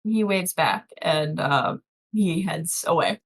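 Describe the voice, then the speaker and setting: A woman's voice: sits low, slow. A woman narrating as game master, casual and rambling.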